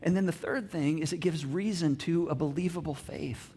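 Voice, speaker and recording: A man's voice: on the high side, normal speed, mellow, slight background noise. A middle-aged man preaching a sermon, telling stories with many restarts and quoted conversations. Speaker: pastor.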